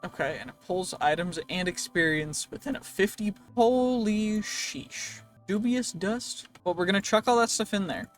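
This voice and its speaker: A man's voice: high-pitched, fairly quick, hardly any pauses, fairly bright tone, faint music behind. A man giving casual, rambling gameplay commentary, joking and talking to game characters, his voice wearing out. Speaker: gaming video creator.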